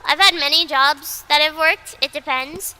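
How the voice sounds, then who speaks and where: A woman's voice: sits high, moderate pace, pushed and bright. A woman VTuber in casual livestream chat who rambles, repeats herself, swears freely and mocks herself bluntly. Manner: blunt and self-mocking. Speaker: VTuber streamer.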